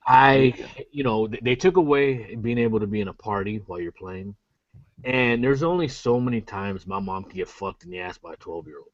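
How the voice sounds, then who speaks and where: A man's voice: fairly low pitch, brisk, dry recording. Blunt, profane man ranting on a podcast. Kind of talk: opinionated podcast discussion. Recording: dry, dull lo-fi podcast audio.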